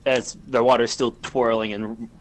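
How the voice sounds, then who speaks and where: A man narrating a tabletop game as game master, calmly describing the action and explaining the rules over voice chat. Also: medium pitch, unhurried, slight background noise.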